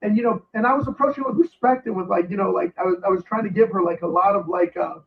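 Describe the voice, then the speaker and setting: A man's voice: sits high, fast talker, vocal fry. A man being interviewed, ranting heatedly with many restarts and fillers. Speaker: guest. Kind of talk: casual interview chat. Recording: tinny phone-line call.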